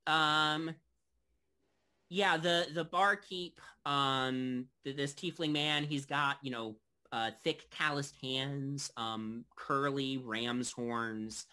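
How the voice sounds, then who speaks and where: Give me a man running a tabletop game, bright tone, loose and halting. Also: mid-range voice, smooth. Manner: loose, halting narration with many fillers. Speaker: game master.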